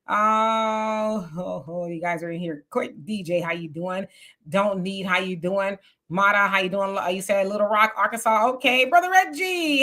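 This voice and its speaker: Bright-voiced woman hosting a livestream. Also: medium pitch, expressive, moderate pace. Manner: greets viewers by name one after another. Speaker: host. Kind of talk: livestream talk show.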